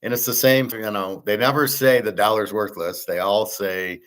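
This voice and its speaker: A middle-aged man with a fairly low voice holds forth in a casual monologue. He rambles bluntly, swears freely and often breaks off to restart a thought. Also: steady tone, normal speed, few pauses, fairly bright tone. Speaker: host. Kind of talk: casual monologue on money and markets.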